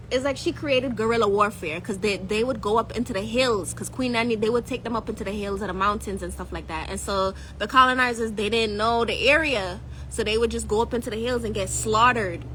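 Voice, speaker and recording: A woman's voice: mid-range voice, slight background noise, rough recording. A young woman with a Jamaican accent, a spiritual coach telling history to her viewers in a casual, jokey way and slipping into patois. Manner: jokey and animated, laughs often, slips into patois. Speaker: spiritual coach and YouTube host.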